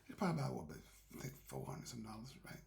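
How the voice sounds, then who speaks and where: Speaking rapid-fire in a mid-range voice that is creaky and darkish, a man hosts a motivational show. His loose, folksy story centers on doing right, and he mixes in spiritual encouragement as he talks.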